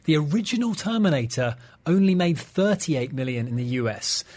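A man's voice: a little high, lively intonation, normal speed, a little mellow. A man hosting a casual film podcast, chatty and full of trivia. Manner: chatty, trivia-telling, laughs often. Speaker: podcast host.

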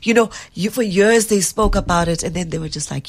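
A South African woman with a very deep, husky voice, talking animatedly in a casual interview as an actress and laughing often. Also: a little fast. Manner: animated, laughing, mixes in Zulu phrases.

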